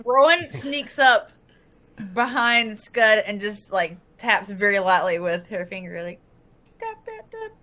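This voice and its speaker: A woman's voice: mid-range voice, steady tone, measured pace, sharp tone. A woman playing a tabletop game, chiming in playfully. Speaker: player.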